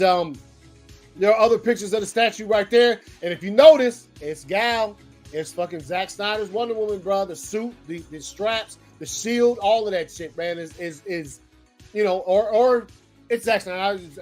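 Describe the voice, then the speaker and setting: Man, high voice, casual host, slangy, profane, animated commentary, faint music. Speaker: pop-culture show host.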